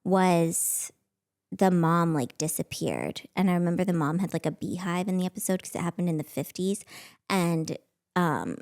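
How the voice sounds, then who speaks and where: A woman in her thirties with a lowish, slightly mellow voice hosts a podcast. She tells a story in a chatty, self-mocking way, full of filler words.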